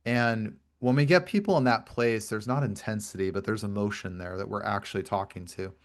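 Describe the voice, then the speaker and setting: With a fairly low pitch and a brisk delivery, a man who hosts a podcast and works as a grief coach speaks in a conversational interview. His explanations are long and earnest, with frequent repeated words.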